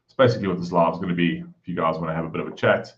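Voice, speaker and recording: A man from South Africa hosts a casual livestream from a room at home, greeting viewers by name and keeping his voice down. His deep voice stays fairly even in intonation and moves very fast, and the recording sounds muffled.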